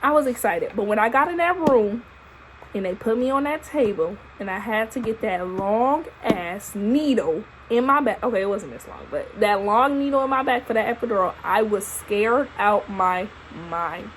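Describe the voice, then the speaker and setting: A young woman, a new mother casually telling her birth story to camera in an expressive, profane way. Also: medium pitch, moderate pace, slight background noise, low-quality recording. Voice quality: expressive, profane, animated retelling. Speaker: vlogger, new mom. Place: at home holding her baby.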